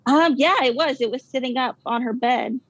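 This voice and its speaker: A woman with a fairly high, fry-tinged voice recounts a ghost story, stopping and restarting with plenty of fillers. The sound is dull and lo-fi, with a close, dry room. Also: a bit bright, no room sound. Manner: halting, filler-heavy, nervous laughs. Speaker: caller telling a ghost story. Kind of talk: casual storytelling.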